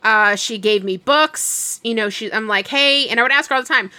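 Bright-voiced young woman telling a story. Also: a little high, a little fast, no echo. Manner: animated retelling with quoted dialogue. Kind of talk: casual storytelling chat.

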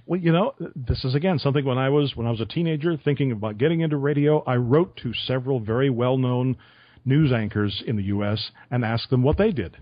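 A man's voice: mid-range voice, fairly quick, no echo. Chuckling radio man, dry dull sound. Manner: storytelling with chuckles. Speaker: radio interviewer. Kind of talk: conversational podcast interview.

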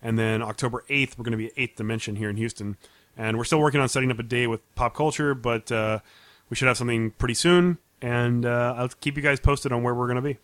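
A man's voice: mid-range voice, fairly even intonation, fast talker, a bit bright, no echo. A man co-hosting a casual podcast, telling stories and laughing often. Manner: chatty storyteller, laughs often. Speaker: podcast co-host. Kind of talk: casual chat.

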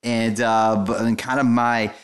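A man playing an earnest presidents buff who runs a hotline, talking in a halting, deadpan way full of fillers in an improvised comedy podcast. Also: medium pitch, close to an everyday voice.

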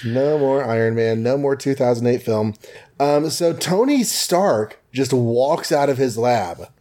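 A man co-hosting a podcast, casually recapping an old comic book with jokes and quick quoted voices. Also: medium pitch, warm tone. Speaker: podcast co-host.

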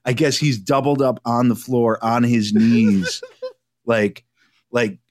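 A man with a mid-range voice co-hosts a casual podcast chat, speaking slowly. He's an animated storyteller who acts out voices as he goes.

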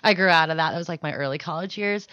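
A woman co-host on a comedic podcast, chatting casually and cutting in with quick jokes. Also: sits low, sharp tone, clear, resonant tone, no echo. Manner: quick, joking interjections. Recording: dull dry lo-fi sound.

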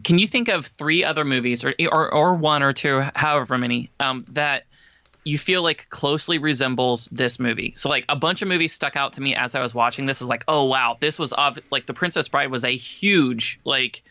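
A man's voice: medium pitch, moderate pace, bright, forceful tone, dry recording. A man chatting casually about a film, loose and rambling with lots of fillers. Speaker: podcast co-host.

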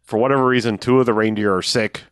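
A man with a low-pitched voice recaps a film in loose, rambling chat, full of "like" and "um" and little quoted voices. The sound is close and dry, with no room around it. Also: fairly even intonation, clear, resonant tone, no room sound. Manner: rambling, filler-heavy retelling with quick voiced quotes. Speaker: podcast co-host. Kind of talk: casual chat recapping a movie.

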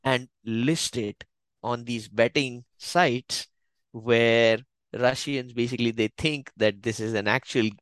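Relaxed man co-hosting. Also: mid-range voice, takes it slowly, clear, resonant tone, no echo. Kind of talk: casual chat.

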